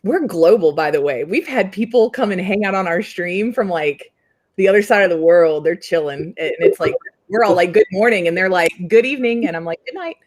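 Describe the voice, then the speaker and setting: A woman's voice: lowish voice, brisk. Chatty, giggly woman host. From central Indiana. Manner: chatty, rambling, giggly, heavy filler words. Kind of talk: casual chat.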